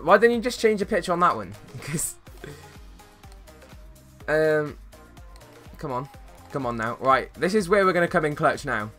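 A young man livestreaming a football video game, talking in a slangy, easygoing way to his chat. His voice sits a little high and comes across bright and forward. Faint music plays behind him. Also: unhurried, pauses often. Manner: chatty, slangy, greets viewers, bursts of excitement at plays. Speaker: gaming streamer. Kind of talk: casual live-stream chat while playing.

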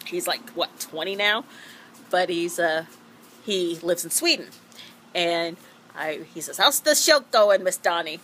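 Woman theatre teacher, casual diary vlog, rambling and chatty, lowish bright voice. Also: slight background noise. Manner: chatty, rambling, laughs often. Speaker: high school theatre teacher.

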